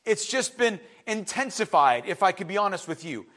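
A man, preaching an impassioned sermon that builds to shouting. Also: high-pitched, very animated, normal speed. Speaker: pastor.

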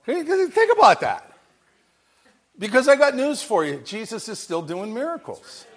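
High-voiced emphatic man preaching. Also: sing-song, normal speed, husky. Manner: emphatic, repeats phrases, swings from quiet to loud. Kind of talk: sermon.

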